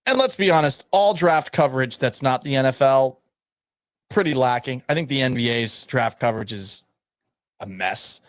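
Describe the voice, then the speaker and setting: A man hosts a sports radio show while nursing a sore, swollen throat. He talks low and subdued, almost monotone, with dry humor. The studio sound is close and dry, with a mid-pitched voice. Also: normal speed, no room sound. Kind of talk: sports talk radio monologue.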